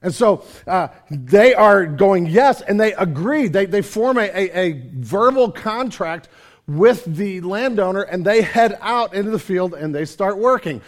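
A man preaching a sermon, telling a parable with animated storytelling and acting out the characters. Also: high-pitched, unhurried. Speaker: pastor.

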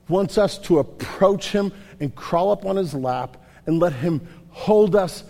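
A man preaching a sermon in an animated, conversational way, often restarting his words. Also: sits high, measured pace, gravelly, hardly any pauses, big-room sound. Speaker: pastor.

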